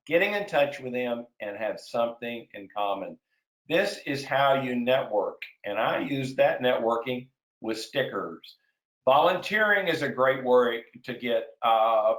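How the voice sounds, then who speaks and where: A man giving a sales webinar in an energetic, excitable way, getting wound up and then reining himself in. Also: mid-range voice, reverberant, low-quality recording. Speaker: sales trainer hosting a webinar.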